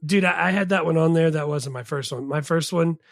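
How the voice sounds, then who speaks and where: A man's voice: a little high, a little fast, no echo, clean studio sound. A man co-hosting a movie podcast, chatting casually and acting out quotes from the film. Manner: animated, quotes movie lines in silly voices. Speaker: podcast co-host.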